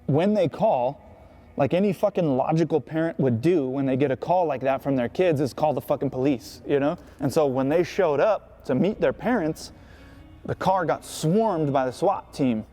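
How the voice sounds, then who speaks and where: Casual, profane man with a mellow voice. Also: a little high, moderate pace. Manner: casual, profane, peppered with "right?" and "you know". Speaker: skateboarder. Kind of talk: recounting his past in an interview.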